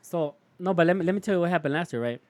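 A young man tells a story in loose, profane slang, dropping "fool" into nearly every line. His voice sits a little high for a man. The sound is dry and close, with little room around it. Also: lively intonation, racing, no echo. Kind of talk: casual storytelling chat.

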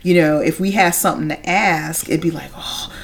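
This is a woman in her thirties co-hosting a podcast in casual chat. She speaks in a lower register and tells lively stories. She acts out the other people in them, and laughter comes through often. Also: a little fast, gravelly. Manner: animated storyteller, acts out quotes, frequent laughter. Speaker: podcast co-host.

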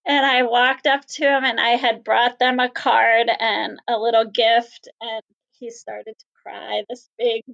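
A woman from the Salvation Army answering interview questions sincerely, with frequent pauses and ums. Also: fairly high pitch, level tone, creaky, a bit bright, lo-fi sound.

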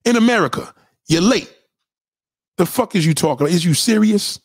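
Casting: man with a high, reedy voice, ranting hard into a close dry mic, profane and confrontational. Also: lively intonation, brisk, dry recording. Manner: profane, confrontational, swings between loud and low. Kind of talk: ranting monologue.

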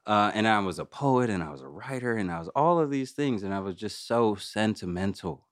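A man with a very low voice, talking as a guest in a relaxed interview. He is emphatic and openly emotional and laughs easily. The sound is dry and close, with no room echo. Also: fairly quick. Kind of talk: casual interview chat.

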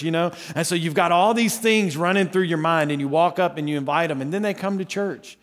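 A man preaching to his congregation at an evening service, his voice sitting a little on the high side. He talks to the room casually, full of rhetorical questions. He pushes loud on the big points and drops low and quiet for the asides. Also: a little fast, hardly any pauses, in a large hall. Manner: swings between loud emphatic lines and quiet low asides. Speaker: lead pastor. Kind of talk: sermon. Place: church service before a congregation.

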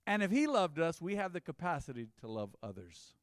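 A man's voice: a little high, sing-song, brisk, dry recording, studio quality. A man preaching a sermon as pastor, in an emphatic, conversational style with rising bursts.

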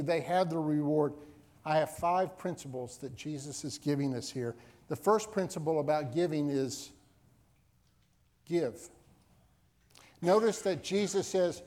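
A man's voice: a little high, warm tone. A male pastor preaching a sermon to his congregation, reading scripture and hammering home key phrases through repetition. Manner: emphatic, repeats key phrases for effect. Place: church service before a congregation.

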